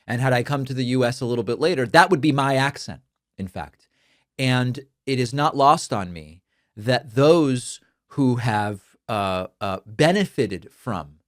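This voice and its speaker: Man, native Spanish speaker, political commentary host, emphatic, measured, dry studio mic. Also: mid-range voice, no room sound. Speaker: show host. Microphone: studio dynamic microphone.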